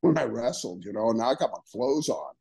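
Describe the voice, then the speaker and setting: Husky older man telling lively stories. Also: medium pitch, a little fast, rough recording. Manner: animated storyteller, acts out quoted voices, laughs often. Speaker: guest, retired wrestler. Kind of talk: storytelling interview.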